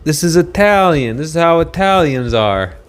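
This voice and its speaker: A man's voice: a little high, expressive, normal speed, smooth, pitched above the performer's own voice, lightly acted. A man putting on a mocking impression of a blustering Italian-American man brushing off a scandal. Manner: exaggerated mocking impression, shrugging tone.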